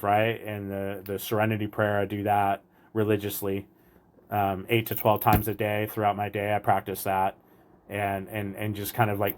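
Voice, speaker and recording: Man, low-ish voice, earnest rambling recovery share, casual. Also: slight background noise. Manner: earnest, rambling, repeats "like" and "right". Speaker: recovery meeting speaker.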